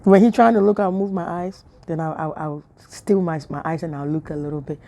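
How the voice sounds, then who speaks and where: This spiritual vlogger has a lowish, dark voice with a steady tone and a fairly quick pace, chatting to camera through casual stories sprinkled with laughter and whispered asides.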